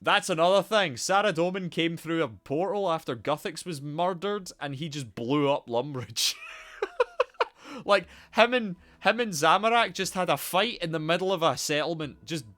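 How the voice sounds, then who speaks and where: Animated, sweary male game streamer. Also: on the high side, moderate pace. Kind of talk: casual live game commentary.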